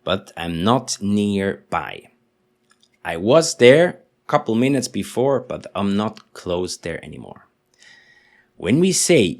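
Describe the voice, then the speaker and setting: A man teaching in English, explaining patiently and slowly repeating example sentences. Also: medium pitch. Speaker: German teacher. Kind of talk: language lesson explanation.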